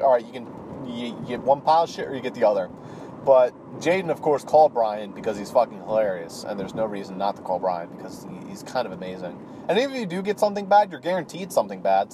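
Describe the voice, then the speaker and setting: Casual rambling man over background noise. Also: medium pitch. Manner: rambling and offhand, with frequent fillers and restarts. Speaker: channel host recapping a role-play campaign. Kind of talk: casual recap.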